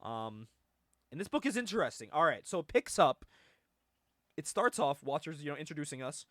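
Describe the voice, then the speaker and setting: Animated man hosting a comics chat. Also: fairly high pitch, brisk, no echo, studio quality. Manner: animated, laughing, rambling restarts. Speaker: podcast host. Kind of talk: casual chat about comics.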